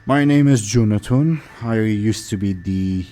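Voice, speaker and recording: A dignified orc, once a ship captain, speaks formally and in a measured way, as a man acts him out in a low, mellow voice. He stays calm and honorable through a tabletop game role-play. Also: close to an everyday voice.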